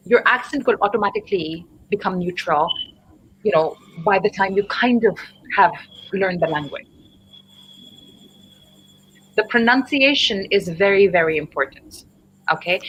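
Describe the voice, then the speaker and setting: Bright-voiced woman teaching on a live call. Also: a little high, poor audio. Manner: chatty, explanatory, checks in with 'right?' and 'okay?'. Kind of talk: live online English lesson.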